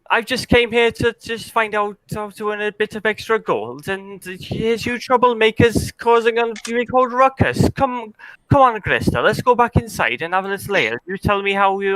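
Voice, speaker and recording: Man putting on a smooth-talking elf, attempted Welsh accent. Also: high voice, a bit bright, no echo, voice pushed up, poor audio. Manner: coaxing, mock-friendly.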